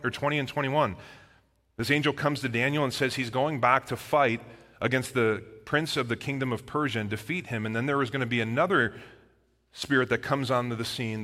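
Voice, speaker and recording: A man's voice: medium pitch, a bit bright. A man preaching a sermon, earnestly explaining scripture and asking his listeners direct questions. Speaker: pastor. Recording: long hall reverb.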